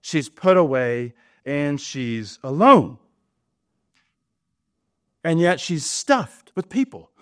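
A man preaching a sermon, slow and emphatic, often asking his listeners rhetorical questions. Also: a little high, big pitch swings, smooth, no echo, studio quality. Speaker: pastor.

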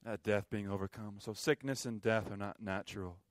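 A man preaching a sermon as a pastor, impassioned, with sharp swings from loud to quiet. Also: on the low side, fairly even intonation, brisk, dry recording, studio quality.

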